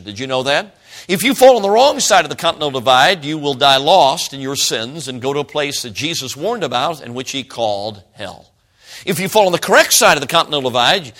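Bright-voiced folksy evangelist preacher. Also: male voice, fairly high pitch. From Chicago. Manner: folksy, chatty, jokes with the congregation. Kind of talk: sermon. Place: church service.

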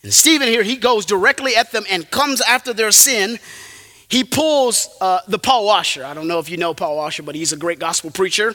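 A man preaching a sermon, emphatic, swinging from loud points to quiet asides. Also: sits high, long reverb tail. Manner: emphatic, rises and drops sharply for effect.

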